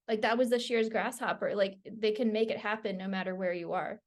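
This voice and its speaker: A middle-aged woman, a guest author on a podcast, telling stories in casual conversation, animated and laughing often. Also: medium pitch, a little fast.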